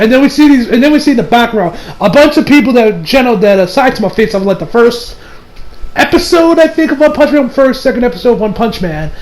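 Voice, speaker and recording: A man's voice: very high voice, big pitch swings, fast talker, a crowd in the background, poor audio. A young man giving a rambling, casual recap of an anime episode, acting out the characters' lines and laughing as he goes. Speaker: anime reviewer.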